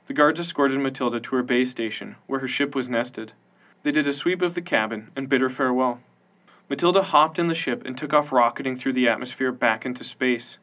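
A man narrating a science-fiction audiobook in an even, measured storytelling manner. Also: mid-range voice.

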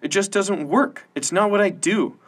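A man's voice: sits high, normal speed, pitched above the performer's own voice. A man voicing a stubborn, restless young woman reporter who talks in a tense, clipped way.

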